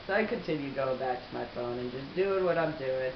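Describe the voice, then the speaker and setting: A woman vlogger telling a personal story to camera with animated delivery, frequent laughter and sarcastic asides. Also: very deep voice, fairly quick, few pauses. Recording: roomy, dull audio with faint hiss.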